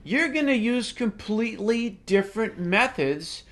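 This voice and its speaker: Lively, animated male Bible teacher. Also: high voice, a little slow. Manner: animated, jokey, with asides and restarts. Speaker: Bible teacher and show host. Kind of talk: casual Bible teaching talk.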